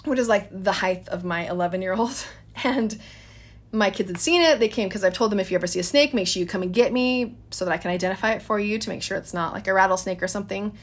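A woman's voice: medium pitch, quick pace. A woman in her thirties telling a story in a casual, chatty way, addressing listeners as guys.

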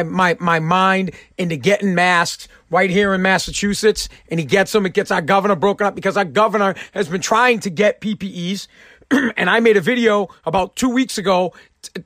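A man rants to the camera in a fired-up, crude torrent, stumbling and restarting as he pushes on. His voice sits high. The sound is dry and close, with no room around it. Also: fairly bright tone, no echo. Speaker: vlogger. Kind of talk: profane opinion rant to camera.

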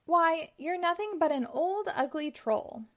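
A woman reading a picture book aloud, voicing a bigger, insulting male billy goat who speaks in a gruff, rude voice. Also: very high-pitched, expressive, unhurried, voice pushed up.

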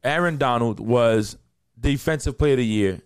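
A man's voice: medium pitch, normal speed, smooth, no room sound, studio quality. A man hosting a casual sports podcast, teasing his co-host in laid-back slang.

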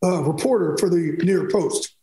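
A man's voice: a little high, moderate pace, mellow, echoey room, poor audio. A man telling personal stories as a podcast guest, emphatic and rambling, restarting sentences often. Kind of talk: candid storytelling in a podcast interview.

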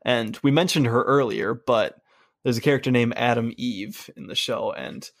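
Casting: eager male podcast co-host, gravelly fry, dry close sound. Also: mid-range voice, moderate pace, no echo. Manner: enthusiastic, gushing fan talk. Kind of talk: casual chat.

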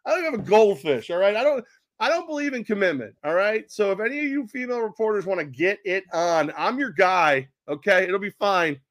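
A man doing a mocking impression of a boastful, crude male coach at a press conference, speaking in a raised, loud voice. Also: high-pitched, animated, fairly quick, no room sound, clean studio sound, voice pushed up.

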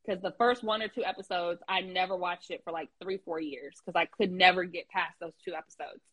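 A woman in casual podcast chat, talking in an animated, slangy, emphatic way. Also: fairly low pitch, brisk, low-quality recording.

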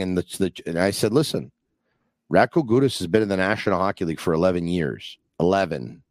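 Low-voiced middle aged guy on a sports podcast, chatty stories, dry close mic. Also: animated, dry recording. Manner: storytelling, acts out quoted dialogue, halting restarts. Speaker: podcast host. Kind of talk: casual sports talk.

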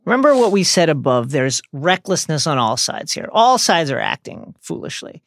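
Gravelly man reading dramatically. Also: fairly high pitch, big pitch swings, moderate pace, fairly bright tone. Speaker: podcast co-host. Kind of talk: reading book passages with commentary.

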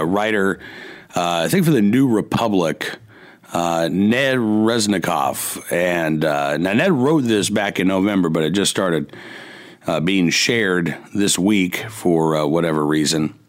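A man hosting a radio talk show, musing in a halting way with many fillers, wry and indignant. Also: low voice, expressive. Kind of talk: casual radio monologue. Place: radio studio.

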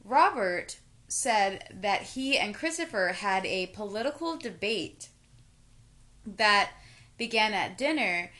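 A woman's voice: medium pitch, animated, takes it slowly, pushed and bright. A woman co-hosting a casual chat, jokey and sarcastic, reading out details and adding her own asides. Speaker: podcast co-host. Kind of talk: casual true-crime chat over wine.

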